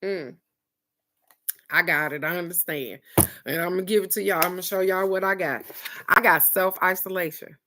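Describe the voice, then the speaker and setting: A card reader gives a motivational card-of-the-day talk, addressing her viewers directly in a preachy, folksy, encouraging way and repeating key phrases for emphasis. Her voice is on the low side, pushed and bright, at normal speed with frequent pauses.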